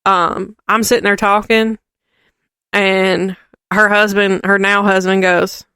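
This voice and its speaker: A woman with a Southern US accent, co-hosting a podcast in casual, teasing, animated chat. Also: mid-range voice, slow, clean tone, no room sound, studio quality. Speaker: podcast co-host.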